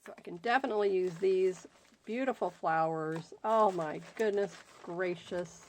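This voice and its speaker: A woman's voice: fairly low pitch, a little hiss or hum. A woman hosting a crafting video, casually chatting as she unboxes gifts and gushes over each one. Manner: gushing, exclaims often, slow drawn-out delight. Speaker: crafting channel host. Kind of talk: unboxing happy mail, casual chat.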